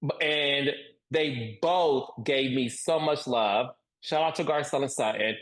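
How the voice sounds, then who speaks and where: A man talking as a guest on a podcast interview, emphatic and animated, repeating points for stress. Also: mid-range voice, measured pace, low-quality recording. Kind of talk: casual interview chat.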